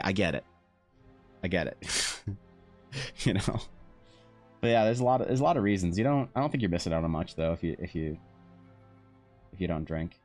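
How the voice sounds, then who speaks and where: Low-voiced, profane, rambling streamer guy. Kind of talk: casual chat with viewers. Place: home.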